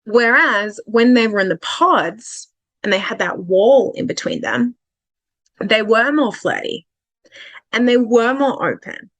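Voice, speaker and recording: A woman's voice: on the high side, animated, unhurried, fairly bright tone, no echo. A woman relationship coach explaining dating behaviour in a casual, conversational way, with fillers and restarts, stretching out her key points.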